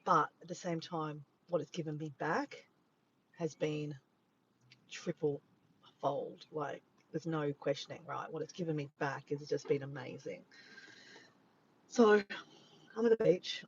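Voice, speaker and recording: This Australian man's voice runs on the high side, with a measured pace and long pauses. He's a vlogger rambling on a casual livestream from his handheld phone in a car parked by the beach, easily sidetracked. The audio is dull, with slight background noise.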